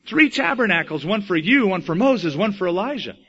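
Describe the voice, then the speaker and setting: Male pastor, lively storytelling sermon, higher voice, lo-fi sound. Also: a little fast, slightly rough. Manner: animated storytelling, acting out quoted voices.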